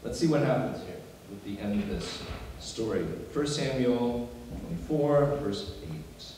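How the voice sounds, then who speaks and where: A male pastor preaches in a loose, chatty way and slips in playful asides. His voice sounds distant and rings with a long, booming reverb, as if caught from across a large hall. A faint room hum sits underneath. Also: expressive, measured pace, dark tone. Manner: conversational preaching with joking asides. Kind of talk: sermon. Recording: echoey hall from far off.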